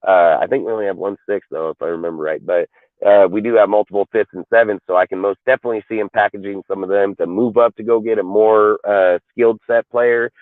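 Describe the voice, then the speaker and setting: A man's voice: fairly low pitch, fairly even intonation, quick pace, no room sound. Profane ranting man on a phone line. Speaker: podcast co-host. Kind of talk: heated sports talk rant. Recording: tinny phone-like line, dry.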